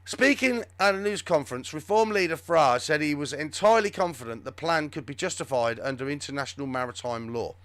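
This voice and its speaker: A man hosts a live show with rambling, sarcastic commentary. His voice sits fairly high and swoops up and down a lot. The sound is close and dry, with no room echo. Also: lively intonation, a little fast, few pauses, fairly bright tone. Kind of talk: live political commentary chat.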